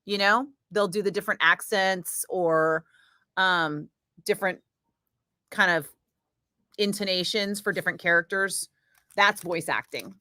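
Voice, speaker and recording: A woman radio DJ chatting casually in her studio, answering viewer comments in an animated way with lots of fillers. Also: mid-range voice, unhurried, long pauses, no echo.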